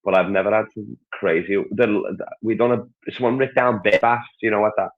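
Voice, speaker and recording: A Scouse man from Liverpool, England, a stand-up comedian, rambles crudely as a guest on a casual podcast. His voice sits on the low side and moves fairly quickly, with phone-quality sound.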